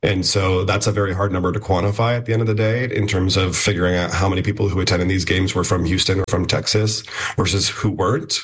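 A man's voice: sits low, steady tone, fast, few pauses, slightly rough. A man appearing as a reporter guest on a radio interview, explaining in an analytical way with many "you know" fillers and restarts.

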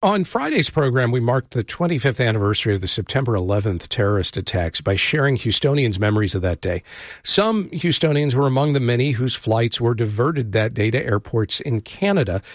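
A man hosting a radio talk show, reading a measured introduction and then asking conversational questions. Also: medium pitch, very animated, no echo, studio quality. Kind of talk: radio interview.

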